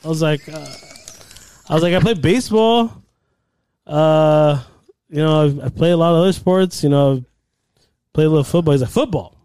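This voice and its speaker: A young man, a podcast host, recounting an awkward errand in casual chat. His voice is mellow and dark, set close and dry, and he laughs through his lines and swears freely. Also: on the high side, moderate pace, smooth, dry recording.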